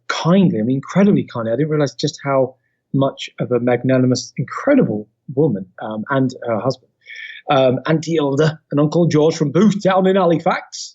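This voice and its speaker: A man with a London accent, a podcast guest telling his life story in an animated way, with many fillers and restarts. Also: mid-range voice, muffled recording. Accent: London English. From England. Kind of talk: casual interview chat.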